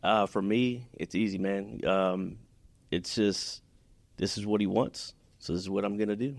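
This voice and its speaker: A business owner from Houston, Texas, speaks as a podcast guest in a casual interview, earnest and heartfelt, often restarting his sentences. His voice is fairly low with fairly even intonation, a measured pace, and vocal fry, with no echo.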